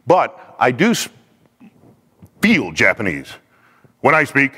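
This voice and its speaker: A man giving a faith-based teaching talk in a lively, conversational way, acting out quoted speech. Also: mid-range voice, a little slow, long pauses, long reverb tail.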